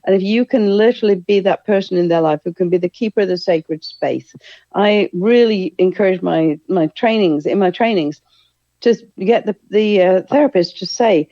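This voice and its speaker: Middle aged woman guest, eager, mellow tone, dry muffled audio. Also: medium pitch, expressive, normal speed, dry recording. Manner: enthusiastic, acts out quoted speech. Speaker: guest, therapist and trainer. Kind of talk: conversational interview. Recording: dull lo-fi sound.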